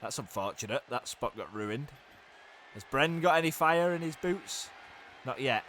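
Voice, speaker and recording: A young man giving excitable play-by-play commentary on a wrestling video game, swinging from hushed groans to loud shouts. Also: mid-range voice, measured pace, a little hiss or hum.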